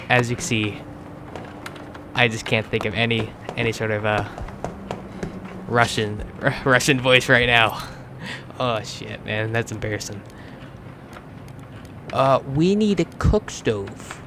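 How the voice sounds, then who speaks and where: An American man talks his way through a game in loose, chatty commentary, cursing freely and tripping over his words. His voice sits at an ordinary middle pitch. Clear game sound plays underneath. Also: slow pace, pauses often, a bit bright, a little hiss or hum. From United States. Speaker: gaming channel host. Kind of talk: casual let's play commentary.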